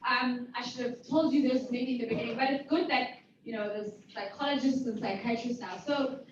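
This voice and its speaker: A woman in her forties from South Africa, hosting a talk and telling a personal story to a live audience, lively and playful. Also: fairly high pitch, brisk, noisy background. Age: 40s. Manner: animated, playful, acts out voices of others. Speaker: host. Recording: very echoey hall from far off, dull sound.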